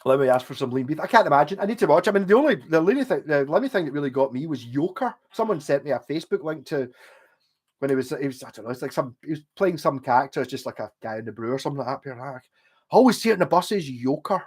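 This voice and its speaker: This man's fairly high voice is expressive and breathy-edged, and he talks fast. He hosts a livestream in a posh Glasgow accent, a Scot who chats, swears casually, and meanders between tales.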